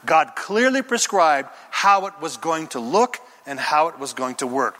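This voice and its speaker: A man preaching in a church, his voice high and bright, leaping up and down in lively swings. He acts out the lines he quotes and throws questions to the congregation. A long reverb trails after him. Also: moderate pace, few pauses. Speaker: pastor. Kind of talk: sermon.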